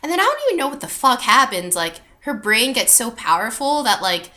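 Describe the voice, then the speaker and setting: Animated, bright-voiced young woman ranting. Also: fairly high pitch, fairly quick. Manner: animated, swearing, exasperated ranting with many fillers. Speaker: vlogger. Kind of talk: movie rant vlog.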